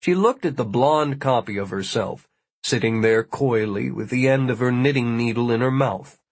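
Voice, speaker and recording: A man reads an audiobook aloud, narrating in a dry, wry style. His voice sits in the mid range at a moderate pace, and the recording is dry.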